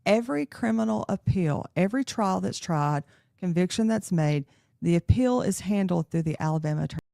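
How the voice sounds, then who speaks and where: A woman's voice: on the low side, expressive, a little fast, vocal fry, dark tone, no echo, studio quality. A woman, a guest earnestly explaining legal offices.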